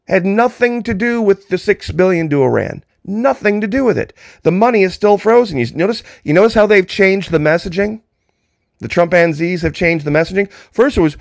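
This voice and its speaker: A man's voice: a little high, animated, normal speed, creaky, no room sound, studio quality. A man giving impassioned, sarcastic political commentary, reading quotes aloud and arguing.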